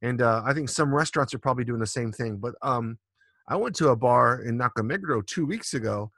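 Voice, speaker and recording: A man's voice: mid-range voice, animated, fairly quick, fairly bright tone, dry recording, studio quality. A man in his forties, co-hosting a casual drinking podcast, telling loose, profane stories with a lot of rambling. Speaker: podcast co-host.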